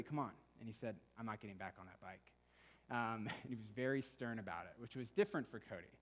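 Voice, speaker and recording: Conversational pastor preaching in a church hall. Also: male voice, medium pitch. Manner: storytelling, conversational, acts out quoted voices. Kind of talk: sermon. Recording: long reverb of a church hall.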